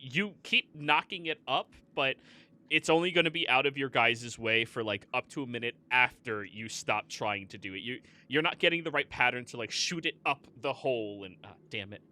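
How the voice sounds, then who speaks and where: Bright-voiced male game master. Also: medium pitch, moderate pace. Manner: laughs often, casual and joking. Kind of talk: narrating a tabletop game.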